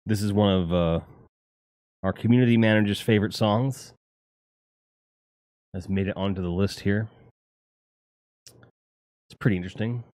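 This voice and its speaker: Low-voiced rambling streamer man. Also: unhurried, long pauses, no echo, studio quality. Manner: rambling, profane, animated music opinions. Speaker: streamer host. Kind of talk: casual live-stream chat.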